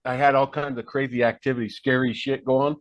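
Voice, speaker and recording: A man's voice: mid-range voice, level tone, a little fast, no echo. A man, a hunting guide and tracker, talking as an interview guest in a blunt, emphatic, slangy way that includes some swearing. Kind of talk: casual conversation.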